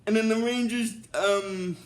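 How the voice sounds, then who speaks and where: A man's voice: high voice, fairly even intonation, a little slow. A man casually recapping a TV episode, rambling along with many fillers. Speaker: show recap host.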